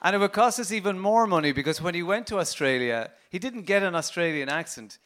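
A man's voice: high voice, animated, a bit bright. A man with a Limerick Irish accent, a comedian guest telling playful anecdotes on stage. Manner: anecdotal, playful, does quick impressions. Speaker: comedian and meditation teacher guest. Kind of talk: storytelling on stage.

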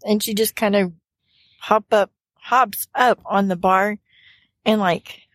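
Woman player, casual, slow, stammering, dry close sound. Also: medium pitch, steady tone, no room sound. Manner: stammering, laughing often. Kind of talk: tabletop game play, casual.

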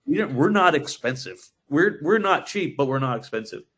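A man telling a story as a podcast guest, animated and full of swearing. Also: a little high, moderate pace, breathy edge. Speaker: brewery guest. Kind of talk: casual podcast chat.

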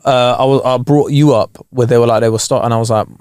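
A man's voice: medium pitch, steady tone, fast talker, darkish tone, clear, resonant tone, no room sound, clean studio sound. Laid-back man telling stories. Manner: swearing, laid-back storytelling. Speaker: podcast co-host and comedian. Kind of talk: casual chat.

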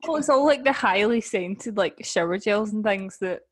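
A woman's voice: mid-range voice, animated, normal speed. A young woman co-hosting a podcast over a video call, teasing and laughing often. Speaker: podcast co-host. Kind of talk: casual chat.

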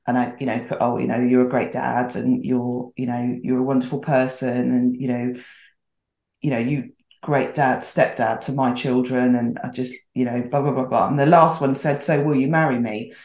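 A woman's voice: very deep voice, flat delivery, moderate pace, darkish tone. A middle-aged woman telling a story casually as a podcast guest, chatty and acting out the voices she quotes. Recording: roomy echoey sound.

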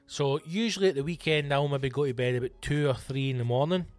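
A Scottish man in a mid-pitched voice runs his comedy podcast alone, talking straight to the listeners. He swears freely and puffs himself up into a mock-grand tone as he answers their questions. Faint music sits under his voice. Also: fast talker, darkish tone, no room sound. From Scotland.

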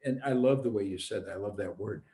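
A man's voice: lowish voice, fast, mellow, roomy sound. A man hosting a reflective conversation, thinking aloud and circling back as he searches for the right words. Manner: thoughtful, restarts, searching for words.

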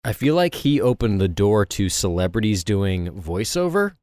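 A man's voice: on the low side, sing-song, moderate pace, a little mellow, dry recording, studio quality. A man co-hosting a podcast, riffing with strong opinions in casual, comedic chat. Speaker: podcast co-host.

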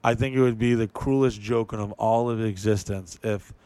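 A man's voice: fairly low pitch, steady tone, normal speed, warm tone, clear, resonant tone, no room sound. A man hosting a podcast, talking in a loose, rambling way, swearing a lot and hammering his points home. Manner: profane, rambling, emphatic. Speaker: podcast host. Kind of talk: casual chat.

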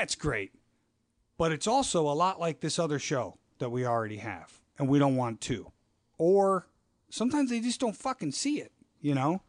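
A man telling show-business stories in a casual chat, animated, acting out quoted voices and swearing freely. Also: on the high side, dry recording, studio quality.

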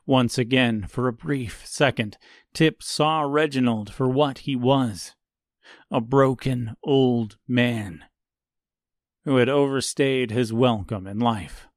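A man narrating an audiobook in a slow, deliberate, even way. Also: medium pitch, dry recording, clean studio sound. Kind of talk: scripted narration.

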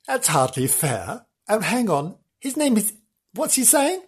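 A man voicing a flustered middle-aged woman on a weekend getaway in a haunted hotel, fussy and excitable, breaking into trilling exclamations. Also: high voice, unhurried, husky, voice pushed up, exaggerated voice.

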